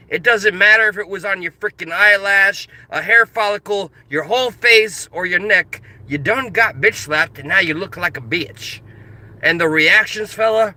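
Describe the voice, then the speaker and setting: Man, high-pitched, animated, passionate rant, speaking into a phone in his car. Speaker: vlogger. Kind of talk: casual ranting commentary. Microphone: phone camera.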